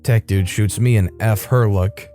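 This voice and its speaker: A man's voice: fairly low pitch, fairly even intonation, measured pace, dark tone, soft background music. A man narrating a reddit story in the first person, dry and wry.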